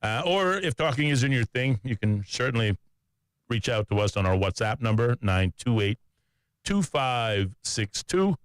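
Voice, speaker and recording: A man's voice: medium pitch, sing-song, a little slow, clear, resonant tone, no echo. A man hosting a radio talk show in a studio, chatty and joking at his own expense. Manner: chatty, joking and self-mocking.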